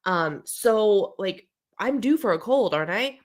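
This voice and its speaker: A woman's voice: mid-range voice, lively intonation, a little slow. Chatty woman with a scratchy throat. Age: 30s. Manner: chatty, reads out viewer comments and answers them. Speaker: host. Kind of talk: casual live-stream chat.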